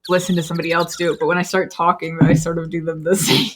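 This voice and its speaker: A woman's voice: lowish voice, little pitch movement, rapid-fire. A woman chatting casually while playing a video game together, giggly and self-deprecating, filling her talk with "like". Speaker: co-player of a streamed video game.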